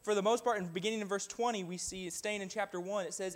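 A man's voice: sits high, steady tone, fast talker, few pauses. A man preaching an earnest sermon in a church, reading scripture aloud and exhorting the congregation. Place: church building.

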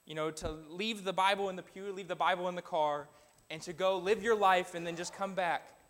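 High-voiced man preaching a sermon. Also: steady tone, moderate pace, a bit bright. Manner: earnest, reads scripture aloud then exhorts the congregation. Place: church building.

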